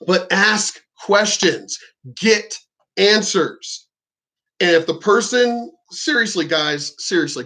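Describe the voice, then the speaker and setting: Blunt, profane man with a high voice. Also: slow pace, pushed and bright, poor audio. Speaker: commentator reacting to clips. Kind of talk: casual reaction commentary.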